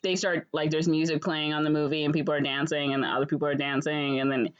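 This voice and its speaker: A young woman co-hosting a podcast, casually recapping a movie with lots of fillers and quick acted-out lines. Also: deep voice, flat delivery, clean tone, dull audio. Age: young adult. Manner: rambling, acts out characters' lines in quick voices. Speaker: podcast co-host.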